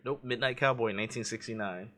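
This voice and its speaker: A man's voice: medium pitch, quick pace, fairly bright tone. A man co-hosting a casual chat, playfully quizzing his friend on movie quotes and laughing often. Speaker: podcast co-host.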